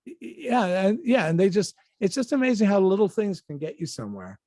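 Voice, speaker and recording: Speaking a little fast, the older actor keeps spinning lively anecdotes during the casual interview, starting sentences over and performing what others said. His voice runs slightly high for a man, captured in a close, dry recording with no room sound.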